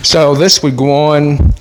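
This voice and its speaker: Talking to himself while he works, a middle-aged car builder hosts a relaxed, chatty workshop vlog. He speaks in a mid-range voice, and there's a little hiss or hum in the audio.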